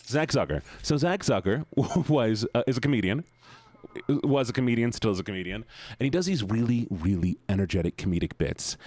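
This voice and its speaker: A young man streaming and chatting casually with viewers, rambling, swearing and breaking into sudden high-pitched outbursts. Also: slight background noise. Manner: rambling with restarts, talks to chat. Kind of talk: casual live-stream chat while gaming.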